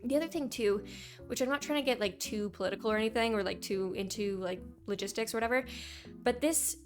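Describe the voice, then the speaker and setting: A young woman giving her opinions in a casual commentary vlog, opinionated and quick to mock what commenters say. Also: on the high side, music in the background. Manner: opinionated, reads out viewer comments in mocking voices. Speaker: gaming YouTuber.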